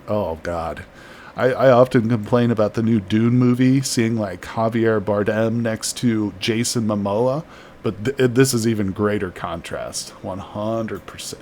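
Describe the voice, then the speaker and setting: A man's voice: on the low side, darkish tone, a little hiss or hum. A man chatting casually while streaming a colony game, reading chat aloud and laughing easily. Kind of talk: casual live-stream commentary.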